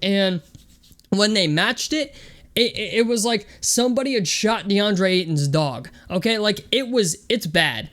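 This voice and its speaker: A man's voice: high voice, expressive, a little slow, fairly bright tone. A young man hosting a sports vlog, talking casually and loosely with lots of fillers. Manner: chatty, loose and conversational with many fillers.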